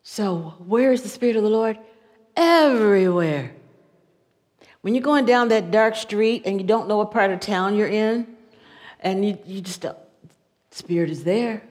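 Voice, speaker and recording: A woman giving a relaxed, chatty sermon in a folksy tone, often breaking into laughter. Her mid-pitched voice carries a long church reverb. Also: a little slow, long pauses. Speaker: church speaker. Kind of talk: conversational sermon.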